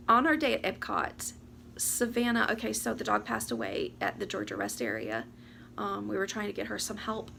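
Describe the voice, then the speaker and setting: A woman, speaking into a camera mic with a very gravelly, fry-filled voice. She rambles emotionally and sounds close to tears. A faint hiss sits under her words. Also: fairly high pitch, sharp tone. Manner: emotional, rambling, talks fast and laughs through tears. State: teary, close to crying. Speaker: vlogger. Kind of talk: casual chat to camera. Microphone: camera or phone mic.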